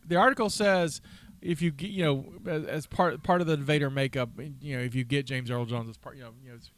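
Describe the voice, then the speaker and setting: A man's voice: medium pitch, fairly quick. A man co-hosting a podcast in casual chat, teasing his friends and laughing often. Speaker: podcast co-host.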